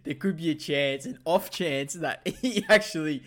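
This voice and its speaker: Hoarse co-host man. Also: fairly high pitch, moderate pace, noisy background. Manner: laughing, loose storyteller. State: slightly lost voice, sore throat. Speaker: podcast co-host. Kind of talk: casual chat.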